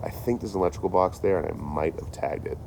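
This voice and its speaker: A man's voice: deep voice, fast, creaky, darkish tone, slight background noise. A man chatting casually on a livestream, rambling and swearing, laughing often as he tells stories. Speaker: traveling livestreamer.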